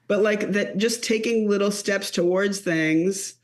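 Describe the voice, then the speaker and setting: A woman in her late thirties, a comedian guest, chatting casually on a podcast in an animated, rambling way. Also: medium pitch, measured pace. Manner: animated, rambling with many fillers.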